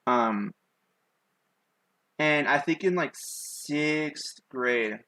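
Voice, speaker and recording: A man's voice: fairly high pitch, very slow, pauses often, bright, forceful tone, no room sound, low-quality recording. A young male streamer chatting while he sketches, on a dry, close mic. He tells stories in a loose, rambling way, packed with "like" fillers, and he pokes fun at himself as he goes. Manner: rambling, with many "like" fillers and self-mocking asides. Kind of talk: casual storytelling while drawing on a live stream.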